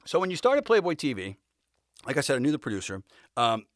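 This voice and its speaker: A man hosting a podcast, telling stories from his past in a casual, animated way and acting out the people in them. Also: mid-range voice, quick pace, no echo. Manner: animated storyteller acting out quoted voices, laughing; swears casually. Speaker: podcast host. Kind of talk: casual storytelling.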